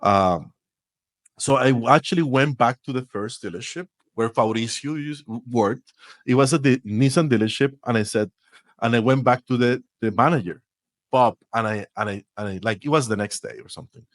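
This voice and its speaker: Lively Costa Rican-accented man. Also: medium pitch, moderate pace, no echo. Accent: Costa Rican Spanish. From Costa Rica. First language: Spanish. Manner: lively, laughing, with frequent restarts. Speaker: podcast guest. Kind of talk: storytelling interview.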